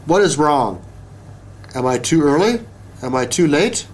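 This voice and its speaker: A man's voice: a little high, expressive, a little slow, slight background noise. A man voicing a boastful, bumbling young knight in a storybook reading. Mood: proud.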